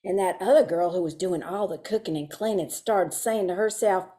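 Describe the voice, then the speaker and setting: A woman's voice: on the low side, moderate pace, mellow, voice pushed down, natural voice. A woman voicing a prim, fussy older Sunday school teacher in a comic monologue, talking in a lilting, stagey way full of asides.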